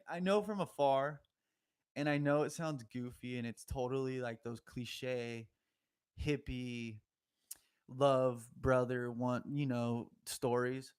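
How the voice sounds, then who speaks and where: A young man on a podcast tells a long, wandering, slang-filled story with loose asides and frequent laughter. His voice has a clean tone and sits at an ordinary middle pitch.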